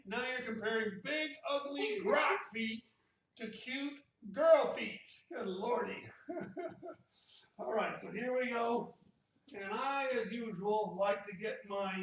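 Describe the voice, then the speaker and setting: A man's voice: high-pitched, a bit bright, a little hiss or hum. A male martial arts instructor leading a live workout class, counting reps aloud and cracking playful, corny puns in an echoey studio. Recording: echoey room.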